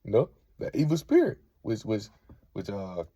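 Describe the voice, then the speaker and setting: A man's voice: on the low side, huge pitch swings, moderate pace, mellow, slightly rough, no room sound. A man giving an informal scripture lesson, reading verses aloud and checking in with "right?" after most points. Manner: peppers talk with "right?", reads verses aloud. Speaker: Bible teacher.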